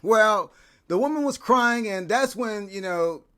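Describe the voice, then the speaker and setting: A man's voice: high-pitched, lively intonation, measured pace, pushed and bright. A man hosting a commentary video, talking in a chatty way with lots of fillers. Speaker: commentary channel host. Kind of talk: casual commentary.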